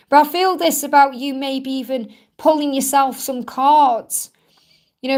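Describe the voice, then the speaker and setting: A woman giving reassuring psychic card readings on a live-stream Q&A, speaking in a soothing, repetitive way. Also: sits high. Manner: soothing, reassuring, repeats herself. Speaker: psychic reader.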